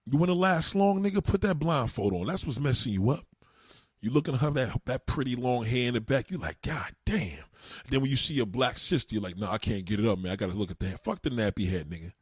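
A middle-aged man holds forth on his show in a crude, profane monologue, circling back over the same lines. His voice is husky and swings widely in pitch. The recording is close and dry. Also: dry recording. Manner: animated, profane, repeats himself. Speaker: show host.

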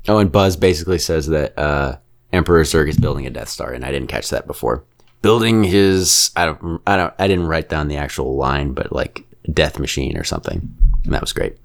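A film-reviewing podcast co-host talks in a very low, deep, creaky voice that's animated throughout. His chat is loose and casual, wandering between points with blunt takes and the odd quick impression of a character.

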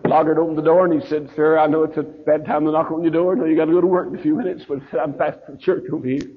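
A man's voice: on the high side, little pitch movement, rapid-fire, noisy background. An older man with a Southern US accent preaching a sermon, telling stories and acting out the people in them. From Mississippi, USA. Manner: storytelling preacher acting out quoted dialogue. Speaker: pastor. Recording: tinny phone-like recording.

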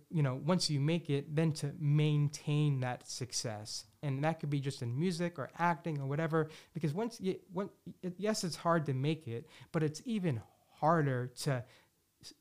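A man's voice: a little high, a little slow, darkish tone. A man hosting a podcast in casual chat, rambling with many restarts and fillers, swearing freely and sounding enthusiastic. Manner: enthusiastic about music predictions. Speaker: podcast host. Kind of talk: casual solo talk.

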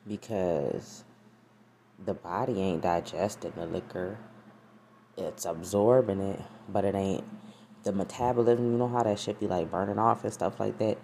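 A woman's voice: extremely low pitch, mellow, a little hiss or hum. A woman hosting her own podcast, chatting casually and rambling with profane, laughing asides. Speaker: podcast host. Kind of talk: casual solo podcast chat.

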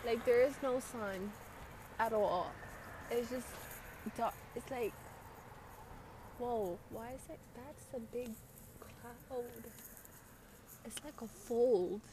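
A woman's voice: fairly high pitch, slow pace, long pauses, noisy background. Sick young woman rambling profanely. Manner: profane, slangy, full of fillers. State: sick with a runny nose. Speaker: vlogger. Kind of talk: rambling casual monologue.

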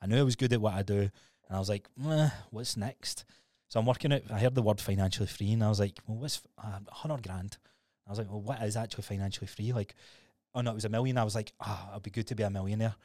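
A man's voice: fairly low pitch, steady tone, racing, warm tone, no room sound, clean studio sound. A Scottish man in his thirties co-hosting a podcast, telling his story in a candid, sweary, casual way. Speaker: podcast co-host.

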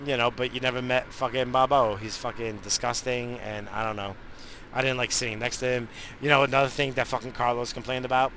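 High guy rambling and cussing nonstop, bright tense voice, faint car noise behind. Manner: profane, rambling, easily distracted. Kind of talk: rambling casual monologue.

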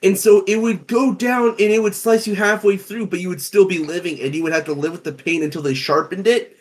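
A man's voice: high voice, fairly even intonation, fairly quick. A young man in casual chat with friends, joking and provocative, laughing often.

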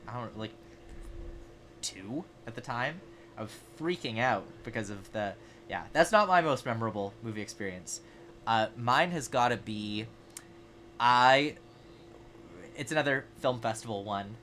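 Young male podcast co-host, bright tone, animated storyteller, self-mocking. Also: mid-range voice, slight background noise. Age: 20s. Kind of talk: casual chat, storytelling.

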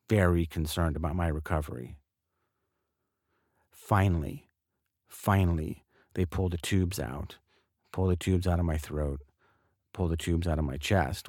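A man's voice: sits low, darkish tone, no echo, studio quality. A middle-aged man candidly telling a personal story in a podcast monologue, casual and blunt, with some swearing. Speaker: podcast host.

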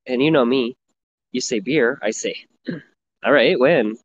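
A young man tells crude stories in a loose, self-mocking way, his voice at an everyday middle pitch. The sound is dull and lo-fi, with faint noise behind him. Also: takes it slowly. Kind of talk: casual crude chat.

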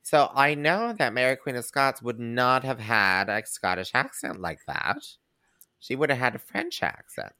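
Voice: medium pitch, lively intonation, moderate pace, bright, forceful tone, clean tone. A podcast co-host in casual chat who laughs often and trails off mid-thought. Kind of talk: casual chat reviewing a TV episode.

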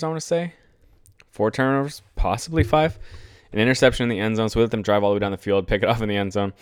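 Casting: young male podcast host, smooth low voice, crude exasperated football rant, dry close sound. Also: dry recording. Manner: profane, exasperated, rambling. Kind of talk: solo sports rant podcast.

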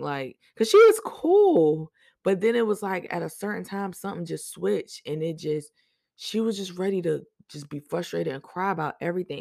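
A woman hosting a podcast, telling stories in a chatty, animated way with slang and lots of fillers. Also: deep voice, vocal fry, dry recording, studio quality. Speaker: podcast host. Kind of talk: casual storytelling chat.

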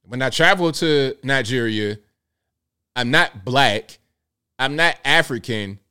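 A man's voice: medium pitch, expressive, takes it slowly, sharp tone, smooth. A man with a Southern American accent hosts a solo political commentary stream. He talks emphatically, restating his points and throwing rhetorical questions at the audience in a mid-range voice. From United States. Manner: emphatic, repeats phrases, fires rhetorical questions at viewers.

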